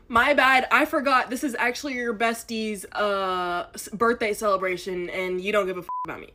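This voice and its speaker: A young woman telling a first-date story in an animated, dramatic storytime monologue. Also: a little high, moderate pace. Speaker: storyteller in a clip.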